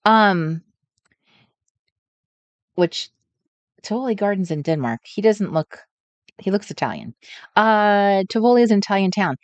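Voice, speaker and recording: A woman hosting a live crafting stream, chatting casually, thinking out loud and greeting viewers by name. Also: medium pitch, expressive, measured pace, pauses often, dry recording. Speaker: crafting livestream host. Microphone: desk setup with overhead camera.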